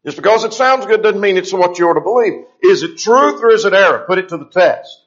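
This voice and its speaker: A man preaching a sermon, slowing down to stress scripture and asking the congregation questions. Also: high-pitched, lively intonation, fairly bright tone. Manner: emphatic, slows down to stress scripture. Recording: dull lo-fi recording.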